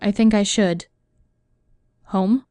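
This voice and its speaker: A woman voicing a tired, self-reproaching young woman in an audiobook, speaking in a flat, exhausted way. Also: medium pitch, takes it slowly, dry recording, lightly acted.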